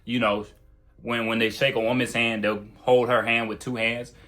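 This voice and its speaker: A man's voice: medium pitch, level tone, moderate pace, sharp tone. A man giving casual, blunt self-improvement advice straight to the camera, in a slangy, conversational way. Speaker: self-improvement video creator.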